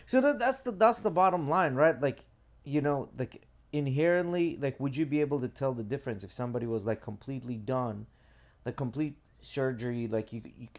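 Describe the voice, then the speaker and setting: A man's voice: medium pitch, a little fast, a little mellow. A man co-hosting a casual podcast chat, rambling and filling his sentences with "like" and "you know.". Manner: rambling, leans heavily on filler "like" and "you know". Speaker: podcast co-host.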